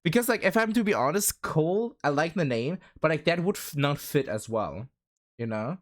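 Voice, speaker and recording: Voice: medium pitch, animated, normal speed. A livestreamer chatting casually with viewers, rambling with many fillers and laughing often. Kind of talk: casual stream chat.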